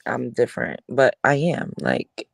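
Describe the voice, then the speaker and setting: A woman chatting in a relaxed, low-key, sleepy way, lying at home in bed. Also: a little slow, vocal fry, no room sound, studio quality. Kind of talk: casual chat.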